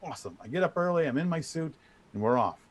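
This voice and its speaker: Middle-aged guy telling a funny story, kinda high voice, lots of stops and restarts. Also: quick pace. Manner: animated, trash-talking storyteller with many restarts. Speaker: guest speaker. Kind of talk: casual storytelling.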